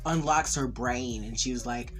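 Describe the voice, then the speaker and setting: A man casually recapping and reviewing a TV episode, rambling with lots of "like" and excited fan enthusiasm. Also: mid-range voice, normal speed, music in the background. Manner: rambling, heavy use of "like". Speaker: TV series reviewer.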